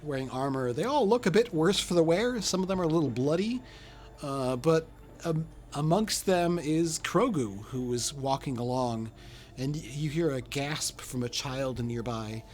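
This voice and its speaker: A man narrating a tabletop game as game master, in a halting way full of hesitations. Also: on the high side, lively intonation, darkish tone. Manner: halting, lots of uh's and restarts.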